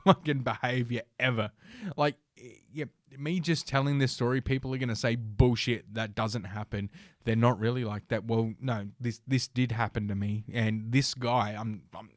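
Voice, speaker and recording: A man's voice: mid-range voice, no echo, clean studio sound. A man with an Australian accent, hosting a livestream and telling a rambling, profane story full of fillers and restarts. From South Australia, Australia. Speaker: podcast host.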